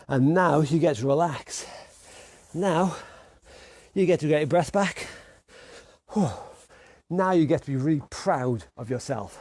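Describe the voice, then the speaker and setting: A man's voice: on the high side, a little slow, long pauses, darkish tone, no room sound. A man coaching an online workout class, calling out moves and counting down with upbeat encouragement. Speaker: fitness instructor.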